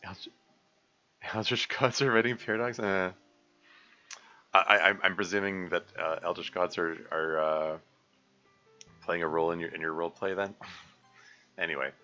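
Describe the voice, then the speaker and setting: Rambling man with a bright tone. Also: sits low, steady tone, normal speed, long pauses. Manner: rambling, hesitant, many fillers. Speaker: game developer streaming commentary. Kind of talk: casual live commentary. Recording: dull lo-fi recording with faint music.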